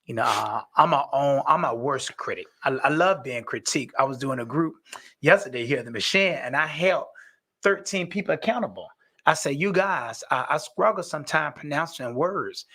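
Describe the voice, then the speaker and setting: A man's voice: a little high, expressive, normal speed, pushed and bright. A man talking earnestly and animatedly about recovery as a peer worker and sponsor, often saying "you know". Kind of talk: casual conversation.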